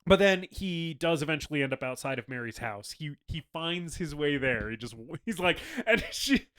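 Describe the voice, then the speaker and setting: A man with a brightish, somewhat high voice speaks animatedly at normal speed while co-hosting a casual film podcast. He retells scenes with plenty of laughter, acting out characters' lines and swearing casually as the film chat goes on.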